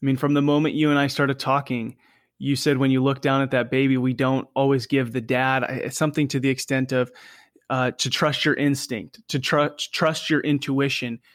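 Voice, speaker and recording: A man's voice: medium pitch, little pitch movement, moderate pace, no echo, clean studio sound. A man hosting a podcast, thanking his guest gratefully and often repeating his words. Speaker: podcast host. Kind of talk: podcast interview closing remarks.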